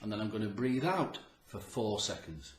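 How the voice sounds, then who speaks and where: Here a man with a lowish, animated voice talks at a moderate pace, with noticeable room echo. Speaking to camera for a motivational health vlog, he's earnest and emphatic, repeats things for effect, and is audibly short of breath.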